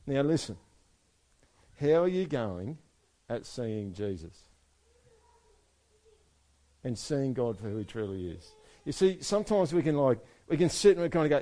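A man preaching in a relaxed, conversational way, with a mellow and warm tone. He speaks emphatically, asks his listeners direct questions, and slips into everyday voices to act out what people say. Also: medium pitch, normal speed. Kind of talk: conversational Bible teaching.

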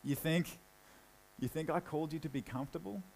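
A man's voice: fairly quick, vocal fry, a little hiss or hum, rough recording. Casual man preaching a sermon. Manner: casual, conversational with frequent "like"; drops low and quiet when reading scripture. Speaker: pastor.

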